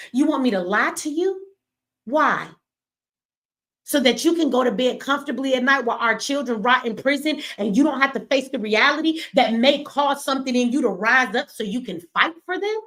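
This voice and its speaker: A woman's voice: on the high side, a bit bright. A middle-aged woman giving blunt, profane, impassioned commentary on a livestream, preaching at her audience. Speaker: streamer and commentator.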